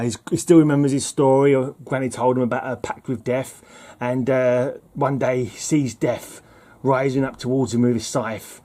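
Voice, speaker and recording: A man chats through his old comic books in a relaxed, wry way, poking fun at himself. His voice is mellow and warm. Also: medium pitch. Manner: chatty, wry, laughs at himself. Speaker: comic book vlogger. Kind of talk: casual chat reading comics.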